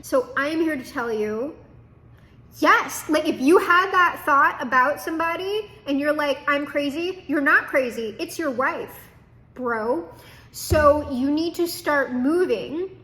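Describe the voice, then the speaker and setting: A woman's voice: sits high, a bit bright. A young woman giving a chatty, casual tarot reading to her viewers, swearing and laughing as she goes. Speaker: tarot reader.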